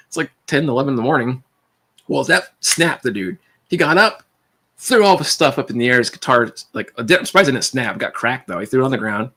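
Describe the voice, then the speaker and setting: A man hosting a livestream, rambling through animated anecdotes and quoting people in his stories. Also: mid-range voice, brisk. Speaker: livestream host. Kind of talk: casual storytelling chat.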